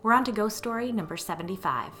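A woman hosting a fiction podcast, reading a scripted story aloud and giving its characters lively voices. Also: medium pitch, fast, faint music behind.

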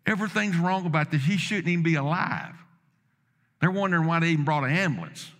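A man preaching a sermon, telling a story dramatically with quoted dialogue, building to loud emphatic peaks and dropping low again. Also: quick pace.

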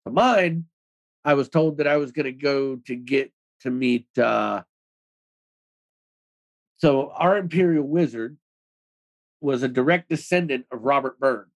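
A man speaking as an interview guest, telling his own story in rapid, loose talk with many "like"s and plenty of swearing. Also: medium pitch, muffled recording. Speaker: interview guest, former extremist. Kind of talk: casual storytelling in a podcast interview.

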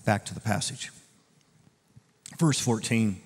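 A man preaching a conversational sermon as a pastor, dropping to a hushed, gentle tone and then rising into loud, urgent appeals. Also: lowish voice, slow, slightly rough, long reverb tail. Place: church auditorium.

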